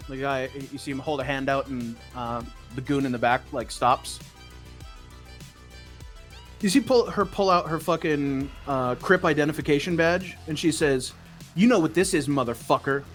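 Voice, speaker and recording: A man running a tabletop role-playing game, narrating in a loose, casual way with plenty of swearing and filler words. Faint guitar music plays quietly behind him. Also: on the high side, moderate pace. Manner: casual and profane, full of fillers. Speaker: game master.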